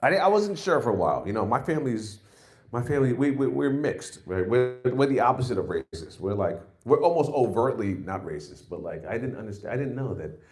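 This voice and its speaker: A man's voice: medium pitch, fairly quick. A man in his forties doing an open-mic stand-up set, rambling and profane, telling stories with lots of restarts. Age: 40s. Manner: profane, rambling, animated storytelling. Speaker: stand-up comedian.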